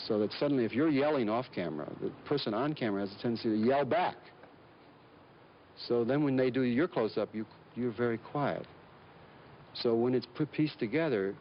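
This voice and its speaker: A man being interviewed as an actor, telling stories in a relaxed, rambling way with lots of fillers and restarts. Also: mid-range voice. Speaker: actor guest. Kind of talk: casual anecdotal interview talk. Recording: dull lo-fi recording with faint hiss.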